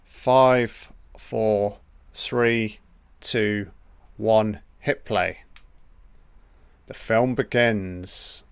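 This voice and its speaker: A man hosting a casual film commentary, reacting excitably and swearing freely as the film plays. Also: fairly low pitch, extremely slow, pauses often, clean tone, dry recording. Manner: profane, excitable running reactions.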